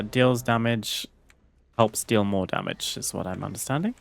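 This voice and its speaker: This man's voice sits on the low side and is creaky, moving at a moderate pace. He's streaming a game, reading its text out loud and laughing a lot as he chats casually with viewers.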